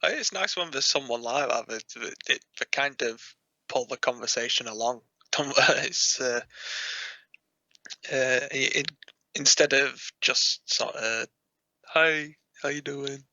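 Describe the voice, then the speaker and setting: Gravelly, slow-talking man. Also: medium pitch, bright, forceful tone, no echo, highs cut off. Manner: halting, many fillers and restarts, laughs often. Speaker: musician guest. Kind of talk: casual podcast chat.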